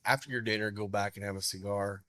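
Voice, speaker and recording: A man's voice: on the low side, fairly even intonation, fast talker, bright, forceful tone, no room sound, studio quality. A man co-hosting a casual podcast, easygoing and loose, restarting his sentences. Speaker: podcast co-host. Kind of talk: casual chat.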